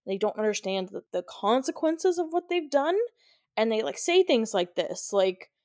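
A woman's voice: fairly high pitch, big pitch swings, moderate pace, a little mellow, no echo, clean studio sound. Chatty, giggly woman recapping a film. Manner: chatty, giggly, many "like" fillers. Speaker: podcast co-host. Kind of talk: casual movie recap chat.

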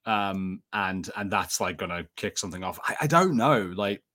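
A man co-hosting a podcast in casual chat, easygoing and quick to laugh. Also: sits low, lively intonation, sharp tone. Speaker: podcast co-host.

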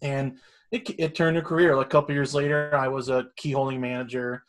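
A man's voice: mid-range voice, flat delivery, fairly quick. A middle-aged man telling a long story in casual chat, rambling and swearing freely. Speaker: storyteller guest.

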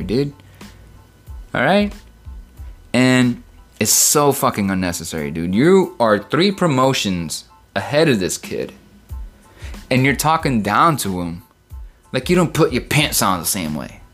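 A man who works as a kitchen middle manager, telling a work story in a profane, casual rant full of "right?" and "dude". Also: lowish voice. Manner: swears constantly, lively storytelling, rhetorical "right?".

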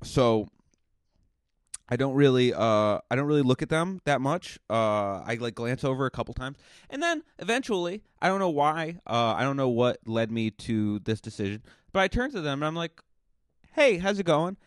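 A man's voice: medium pitch, big pitch swings, normal speed, clear, resonant tone, no room sound, studio quality. Rambling, chatty male comedian. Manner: chatty and rambling, with many restarts and fillers. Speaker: stand-up comedian and podcast host. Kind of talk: casual podcast monologue.

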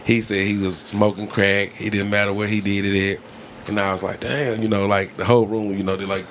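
A man's voice: fairly low pitch, flat delivery, brisk, fairly bright tone, slight background noise. Profane laughing male podcast storyteller. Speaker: podcast host. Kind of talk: casual storytelling chat.

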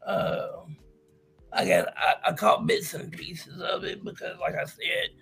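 Gravelly high-voiced male co-host. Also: fairly even intonation, a bit bright, a little hiss or hum. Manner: halting, slow, trailing off. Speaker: podcast co-host. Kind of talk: casual chat.

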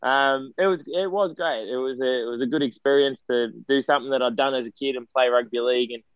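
A man's voice: medium pitch, fast, smooth, no echo, phone-quality sound. Rambling Australian man telling footy stories. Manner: rambling, self-deprecating storyteller with many restarts and fillers. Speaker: guest, former footballer and coaching director. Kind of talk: casual interview chat.

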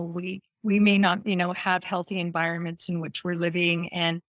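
A woman's voice: lowish voice, no echo. A woman talking about wellness in an earnest, encouraging way, stressing her key words. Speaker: wellness speaker. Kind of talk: casual health talk.

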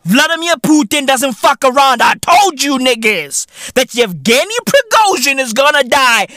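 High-pitched ranting podcast man. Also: sing-song, unhurried, hardly any pauses, bright, forceful tone, no room sound, studio quality. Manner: profane, ranting, heavy London-style slang. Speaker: podcast host. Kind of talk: comedic monologue rant.

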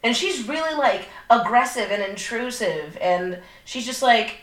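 A woman's voice: fairly high pitch, measured pace. A young woman co-hosting a podcast, retelling a movie plot in casual, profane chat, full of fillers. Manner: profane, animated storytelling with lots of fillers. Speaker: podcast co-host. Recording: echoey room.

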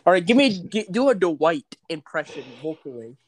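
A man's voice: a little high, big pitch swings, moderate pace. A man in casual chat, bantering playfully.

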